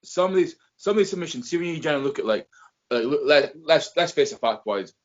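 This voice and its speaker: A man's voice: fairly high pitch, fairly quick. Swearing, rambling man on a lo-fi podcast. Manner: profane, rambling, animated. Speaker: wrestling podcast host. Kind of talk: casual chat. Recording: dull lo-fi sound.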